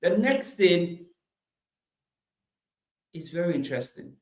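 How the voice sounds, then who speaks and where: Emphatic high-voiced man, echoey room. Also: big pitch swings, slow pace. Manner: emphatic, repeats phrases, swings between loud bursts and quiet asides. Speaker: motivational speaker. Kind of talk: motivational talk.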